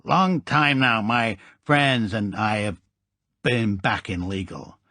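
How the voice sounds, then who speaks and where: A boastful American gangster with a fixed grin. His mobster voice rises high and loud, with a husky edge, and he stumbles over b, m and p sounds. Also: no room sound, full character voice. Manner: halting on b, m and p sounds, slangy. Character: American gangster with a lip-curling grin, male.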